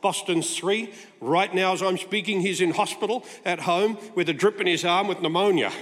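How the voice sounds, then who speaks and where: High-voiced older man preaching in a hall. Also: moderate pace, fairly bright tone. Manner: conversational, playful storytelling. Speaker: guest preacher. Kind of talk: sermon. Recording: long hall reverb.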